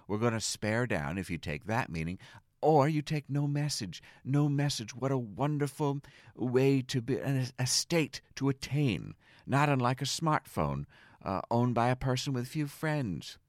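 A middle-aged man delivering a scripted comic monologue as a podcast host, earnest and whimsical, with sudden excited jumps. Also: mid-range voice, no echo, studio quality.

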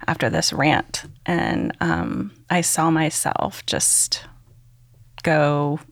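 A low-voiced woman with a strong vocal fry tells her story earnestly, rambling with "like" and "um." The sound is close and dry. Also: little pitch movement, drawn-out words, no echo. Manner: earnest, rambling with many likes. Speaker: podcast guest. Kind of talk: candid personal testimony.

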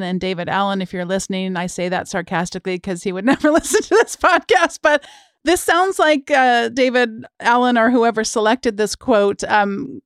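Smooth-voiced woman podcast host. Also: mid-range voice, no room sound, studio quality. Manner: reads quotes aloud slowly, laughs easily. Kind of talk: conversational interview.

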